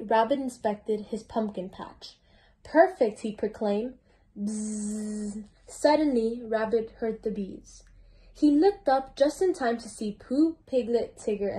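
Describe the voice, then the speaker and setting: Teen girl reading a kids book out loud, mellow higher voice, trips on words sometimes. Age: teenager. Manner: stumbles and restarts words while reading. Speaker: reading mentor. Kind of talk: children's book read-aloud.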